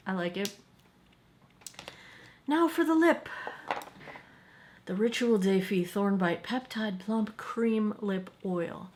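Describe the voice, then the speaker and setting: A woman in her forties doing a candid, self-deprecating makeup chat as a beauty vlogger, filmed at home. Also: mid-range voice. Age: 40s. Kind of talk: get-ready-with-me makeup chat.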